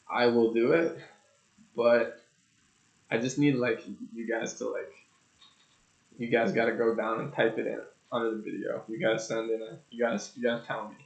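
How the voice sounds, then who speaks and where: A man's voice: mid-range voice, gravelly. A young man casually reviewing an album on his channel, rambling and joking, with loose profanity. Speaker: music reviewer. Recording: echoey room, dull lo-fi sound.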